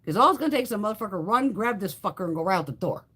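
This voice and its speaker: Brief: woman beauty streamer, bouncy pitch, blunt and crude, animated storyteller. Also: rapid-fire, slightly rough. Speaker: beauty livestream host. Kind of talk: casual live chat while doing makeup.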